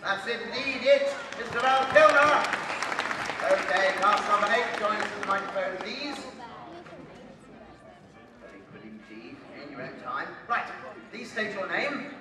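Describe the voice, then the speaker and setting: A man's voice: high-pitched, very animated, a little slow, long pauses. A man hosting a live comedy stage show in a theatrical, mock-pompous, playful way. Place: large hall with a live audience. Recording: echoey hall from far off, crowd noise.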